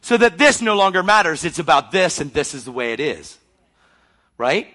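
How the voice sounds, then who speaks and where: A male preacher delivering a fervent sermon, acting out scenes and swinging between shouting and near-whispers. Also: fairly high pitch, big pitch swings, moderate pace.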